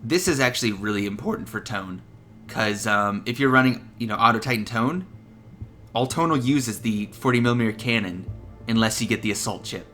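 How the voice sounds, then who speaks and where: A man's voice: medium pitch, a little fast, bright, forceful tone, soft background music. A young man giving casual, profane gameplay tips as a voice-over, laughing at his own jokes. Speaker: gaming video creator.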